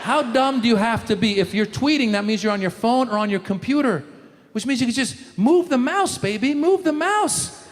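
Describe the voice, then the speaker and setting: A man performing a stand-up comedy routine in a punchy, animated way, in a live show. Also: very high voice, fairly quick. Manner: punchy, animated, acts out characters in funny voices. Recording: live show in a large hall with audience.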